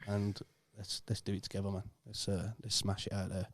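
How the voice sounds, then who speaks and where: A man's voice: lowish voice, monotone, brisk, slightly rough, no echo. A Yorkshire man hosting a casual podcast, laid-back and swearing freely as he chats. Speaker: podcast host.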